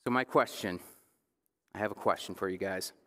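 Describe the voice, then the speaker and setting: A man's voice: sits low, a bit bright. Man preaching in a reverberant church. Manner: conversational preaching with jokes and slow emphatic phrases. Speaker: pastor. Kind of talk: sermon. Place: church sanctuary.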